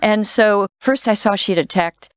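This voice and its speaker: A woman with a mid-range voice co-hosting a podcast in casual chat. She jokes quickly and turns emphatic when she is indignant. The studio sound is dry and close. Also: mid-range voice, clear, resonant tone, no echo. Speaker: podcast co-host. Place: recording studio.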